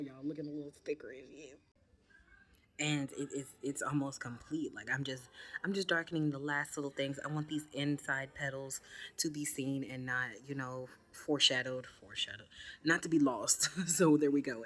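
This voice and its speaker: Fast-talking woman doing makeup. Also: very deep voice. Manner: chatty, animated, calls viewers baby and honey. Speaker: makeup creator. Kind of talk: casual makeup tutorial chat.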